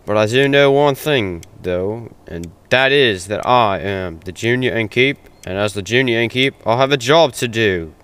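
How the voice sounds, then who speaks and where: A man's voice: mid-range voice, normal speed, few pauses, fairly bright tone, smooth, close to an everyday voice. A man playing a bewildered junior innkeeper. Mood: nervously upbeat. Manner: hesitant, rambling, with many ums and restarts. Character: bewildered young male junior innkeeper, earnest and unsure. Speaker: stand-in host. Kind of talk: hobby audio drama monologue.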